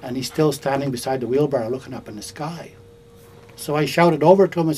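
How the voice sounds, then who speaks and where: A man's voice: medium pitch, fairly quick, a little mellow, husky, poor audio. An older man from Canada telling a personal story in a folksy, conversational way, with fillers and restarts. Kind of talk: oral storytelling to a small audience. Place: indoors in a bookstore.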